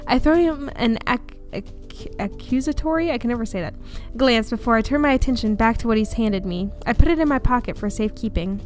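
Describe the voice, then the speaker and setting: Brief: woman host, fairly high voice, casual and giggly, reads a story game aloud at home, faint music under it. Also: animated, fairly quick, hardly any pauses. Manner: chatty, giggly, easily sidetracked. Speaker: let's play host reading a story game. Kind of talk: casual narration and chat. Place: home room.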